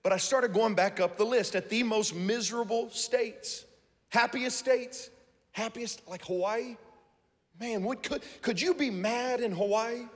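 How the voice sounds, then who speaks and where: A man preaching a sermon to a congregation, lively and shouting out his key points. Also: extremely high pitch, a little slow. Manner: animated, shouting for emphasis, talks to the congregation. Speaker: pastor. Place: large church hall. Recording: live church sermon with long hall reverb.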